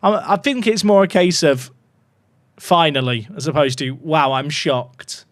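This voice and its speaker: A man's voice: fairly high pitch, animated, moderate pace, no echo. A man casually commentating on his football management game, chatty and full of joking asides to his viewers. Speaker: gaming YouTuber.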